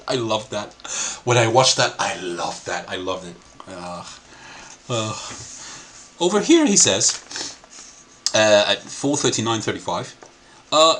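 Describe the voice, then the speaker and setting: A man commenting over a video, his bright voice swinging widely up and down. He breaks into laughter again and again as he talks. His accent drifts between American and British. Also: lowish voice, animated, measured pace, slight background noise. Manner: laughs often while talking. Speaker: channel host.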